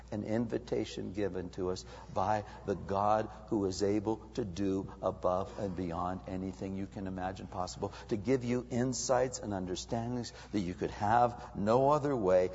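A male pastor preaching a sermon, animated, swinging between loud emphatic bursts and hushed, quiet asides. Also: lowish voice, creaky, breathy edge. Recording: dull lo-fi recording with long hall reverb.

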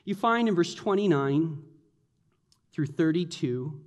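A man preaching a sermon, animated, acting out the taunts of the mockers in a mocking voice. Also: on the high side, slow pace. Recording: long hall reverb.

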